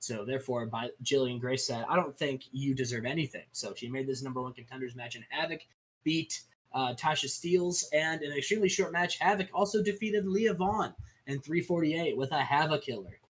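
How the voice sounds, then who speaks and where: A man's voice: mid-range voice, fairly quick, fairly bright tone, slightly rough, rough recording. A man co-hosting a gaming commentary and recapping wrestling matches in a hype style. He often opens with "listen" and stumbles over names.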